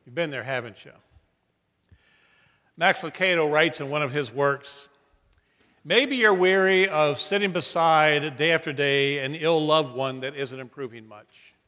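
A middle-aged man, a senior pastor, preaching a sermon in a church sanctuary and shifting between soft and emphatic delivery. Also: a little high, a little slow. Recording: long hall reverb.

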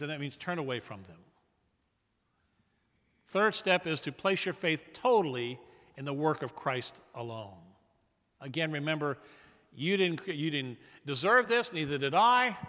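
A man preaching a sermon as a pastor, with emphatic delivery that swings from loud to hushed. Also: on the high side, in a large hall.

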